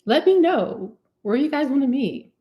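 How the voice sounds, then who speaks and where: A woman's voice: sits high, big pitch swings, normal speed, dull audio. A young woman, a cosmetic chemist, chatting casually on a livestream Q&A, reading out comments, repeating herself and laughing often. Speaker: cosmetic chemist hosting a live Q&A.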